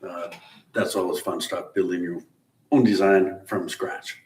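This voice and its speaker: On a live car-building stream, a middle-aged host talks casually with viewers in a low, steady, slightly mellow voice at a measured pace. He rambles through shop talk with the odd chuckle, captured by a distant, roomy mic with faint hiss.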